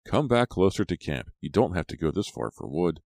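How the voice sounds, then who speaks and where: A hearty, bossy camping advisor who jokes with his charges one moment and scolds them the next, read by a man with a very deep voice. The storybook voice is dry and close, with no room sound. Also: big pitch swings, brisk, creaky, darkish tone, no room sound, exaggerated voice. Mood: scolding. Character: upbeat adult male camping advisor, jokey but stern.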